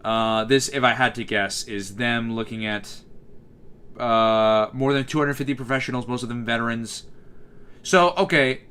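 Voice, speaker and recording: Brief: live streamer, bright tone, loose rambling chat to viewers, lots of false starts. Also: male voice, mid-range voice, measured pace, clear, resonant tone. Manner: rambling, reading chat aloud, many fillers and restarts.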